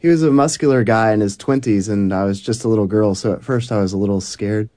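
Low, mellow male interpreter. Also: fast talker, no room sound. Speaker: English teacher interpreting. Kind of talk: interpreting a personal story.

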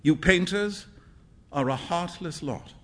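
A man voicing an earnest, easily flustered young gentleman in a storybook reading, speaking ruefully. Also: high-pitched, lively intonation, moderate pace.

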